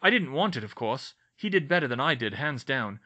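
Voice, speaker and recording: A man's voice: medium pitch, sing-song, a little fast, sharp tone, highs cut off. A man voicing a weary, injured but friendly young man in an audiobook reading.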